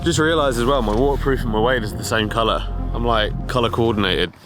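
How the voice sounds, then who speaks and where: An outdoor vlogger in his twenties or thirties chats to the camera beside a lake. He is casual and jokey, pokes fun at himself and talks to the fish. Music plays clearly behind his voice. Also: medium pitch, a little fast. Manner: chatty, self-mocking, talks to the fish. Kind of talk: casual talk to camera while fishing and hiking.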